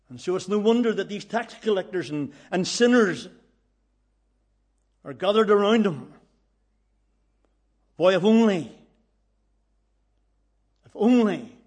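Preacher guy, pretty high voice, earnest sermon, says things twice for weight. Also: darkish tone, husky. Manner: earnest storytelling, repeats phrases for emphasis.

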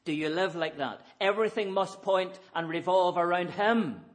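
A man's voice: sits high, normal speed. A man preaching an evening sermon, earnest and emphatic, pressing his listeners with repeated rhetorical questions.

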